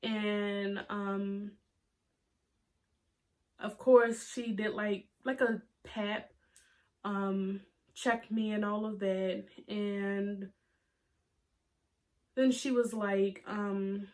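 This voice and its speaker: A woman's voice: mid-range voice, level tone, a little mellow. Emotional young woman vlogger. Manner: emotional, holding back tears; halting, many fillers and restarts. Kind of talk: personal story to camera.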